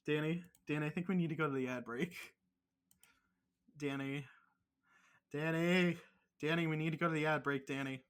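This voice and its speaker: A man's voice: fairly high pitch, brisk, long pauses, fairly bright tone. A man co-hosting a podcast over a remote call, teasing his co-host in crude, mock-angry casual chat full of swearing.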